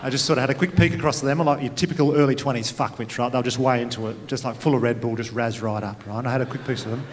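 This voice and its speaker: A man with an Australian accent doing a stand-up comedy set on stage, telling stories with deadpan asides. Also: medium pitch, racing, hardly any pauses, slight background noise. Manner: laid-back storytelling with deadpan asides. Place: theatre stage at a comedy gala. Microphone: stage microphone. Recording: live hall with long reverb. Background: audience laughter.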